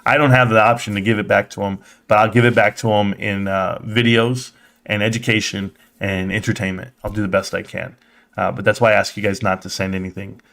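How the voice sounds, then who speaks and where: A man hosting a live stream in casual, excitable chat, talking straight to his viewers and swearing now and then. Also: fairly low pitch, a little fast, creaky. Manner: excitable, swears casually, acts out quoted voices.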